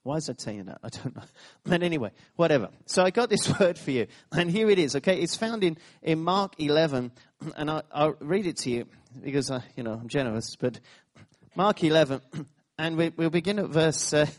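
A man's voice: fairly high pitch, moderate pace. A man preaching a sermon, telling stories with laughing asides, repeated phrases and sudden bursts of emphasis. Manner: animated storytelling, laughing asides, repetitions.

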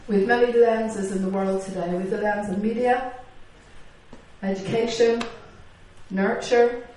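An Irish woman preaching a sermon in a lively way, firing off rhetorical questions and acting out quotes. Her voice is picked up from a distance and rings through a very echoey hall. A faint hiss sits under it. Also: mid-range voice, unhurried. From Northern Ireland or Ireland, living in Britain.

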